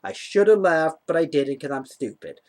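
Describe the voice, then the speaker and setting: Guy with a higher voice rambling through a wild date story, swears a lot, says like constantly. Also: sing-song, moderate pace, darkish tone. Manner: rambling, profane, heavy use of "like". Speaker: vlogger. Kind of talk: casual storytelling to camera.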